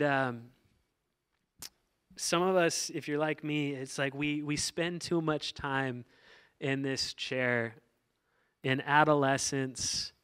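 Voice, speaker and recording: A man preaching in a relaxed, conversational way, his voice smooth and resonant. He keeps an even, level pitch and fills pauses with ums and restarts. On reflective passages he slows down and softens. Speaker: pastor. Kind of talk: sermon.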